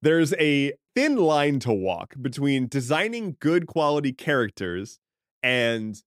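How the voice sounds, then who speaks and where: Lively, thoughtful man podcast co-host. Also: medium pitch, takes it slowly, no echo, studio quality. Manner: thoughtful, explains at length, joking asides. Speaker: podcast co-host and game master. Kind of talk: casual podcast chat about tabletop games.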